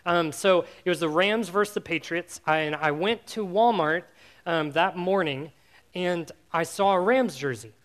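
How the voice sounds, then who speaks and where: A man with a notably high voice delivers a youth sermon. He tells his story in an animated, self-mocking way, full of casual fillers, then turns to earnest teaching. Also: normal speed. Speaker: youth pastor.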